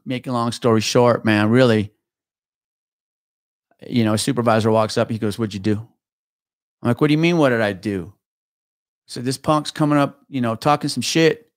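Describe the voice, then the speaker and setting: A man's voice: medium pitch, no echo. Retired cop, male, profane storyteller, full of restarts, dry close mic. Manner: profane, animated retelling with many restarts. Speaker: guest, retired police officer. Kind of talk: casual podcast storytelling.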